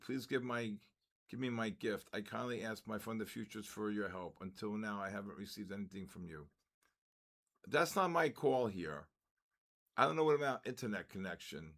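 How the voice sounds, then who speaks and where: An older man hosting a live trading stream, excitedly calling out viewers' names and market moves, his voice worn from talking. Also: lowish voice, normal speed. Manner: excitable, calls out chat names. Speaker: trading livestream host.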